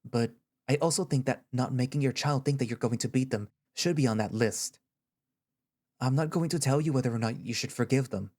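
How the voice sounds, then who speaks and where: A man voicing a gentle, caring male therapist who speaks in a soft, reassuring, patient way in an audio story reading. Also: mid-range voice, brisk, natural voice. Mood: earnest.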